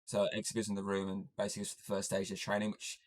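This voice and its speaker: A man with a lowish voice talks through a film's plot in a relaxed podcast chat. He swears freely and keeps the recap rolling with jokes. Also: very fast. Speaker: podcast co-host. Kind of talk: casual movie recap chat.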